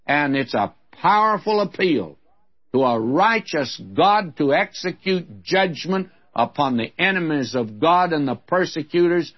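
A man's voice: a little high, muffled recording. A man giving a sermon as a Bible teacher, in a frank, folksy, conversational way.

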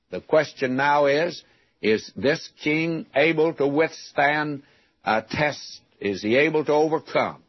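A man's voice: mid-range voice, husky, no echo, highs cut off. An older man from West Texas preaching a radio sermon, teaching from the Bible in a folksy storytelling way with rhetorical questions.

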